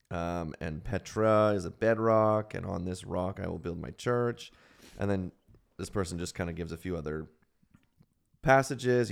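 Man, podcast host, casual chat, low gravelly voice, laughs a lot. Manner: jokey, laughs often, reads listener questions aloud.

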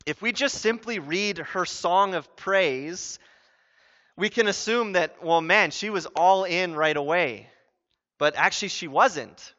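Pastor, man, bright, high voice, earnest, chatty sermon delivery, dull lo-fi recording. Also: takes it slowly. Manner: conversational, earnest, animated. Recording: dull lo-fi sound.

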